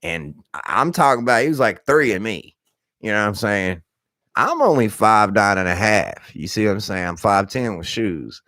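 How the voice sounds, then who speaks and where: A man in his thirties, a bit hoarse, telling rambling stories on his live stream in a blunt, profane, animated way. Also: lowish voice, moderate pace, no room sound, clean studio sound. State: slightly hoarse. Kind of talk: rambling casual storytelling.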